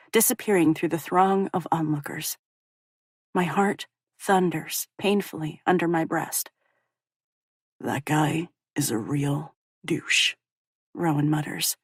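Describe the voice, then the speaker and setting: A woman with a fairly low voice narrates a first-person romance audiobook in an intimate, measured way. The recording is dry and close, with no room sound. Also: dry recording.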